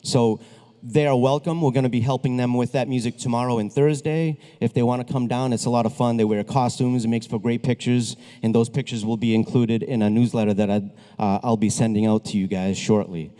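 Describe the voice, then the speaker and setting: A man's voice: mid-range voice, fairly even intonation, fairly quick, dark tone. A man leading a school concert, speaking to the audience between pieces in a chatty, upbeat way with restarts and asides. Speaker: school band director. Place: school auditorium. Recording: long reverb of a large hall.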